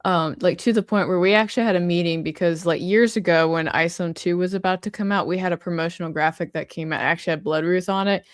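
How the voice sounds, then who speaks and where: A woman's voice: lowish voice, steady tone, quick pace, hardly any pauses, no room sound, clean studio sound. A woman on a casual panel chat who talks loosely, with many fillers. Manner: casual, lots of likes and ums.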